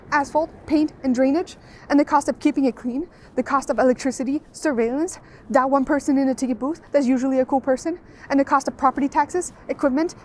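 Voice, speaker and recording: Sarcastic, high-voiced woman ranting. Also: a little mellow, a little hiss or hum. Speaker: video essay host. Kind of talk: scripted voice-over commentary.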